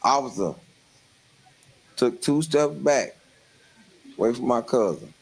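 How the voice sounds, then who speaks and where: A man telling a comic story, laughing as he goes and jumping into loud voices for the people in it. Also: takes it slowly, gravelly, husky, poor audio. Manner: animated, laughing through the story, jumps into loud high voices for other people. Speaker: storyteller on a livestream show.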